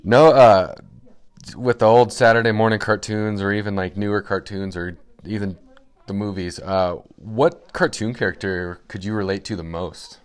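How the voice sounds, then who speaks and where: Smooth, low-voiced man hosting. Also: fairly even intonation, normal speed. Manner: playful, teasing, enthusiastic. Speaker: podcast host. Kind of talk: casual interview chat.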